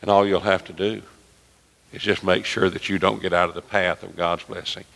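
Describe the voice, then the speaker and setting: Male pastor, deep and gravelly, preaching emphatically in a church with long reverb. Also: flat delivery, fairly bright tone. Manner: emphatic preaching with dramatic pauses and retold dialogue. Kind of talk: sermon. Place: church sanctuary. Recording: echoey sanctuary with long reverb.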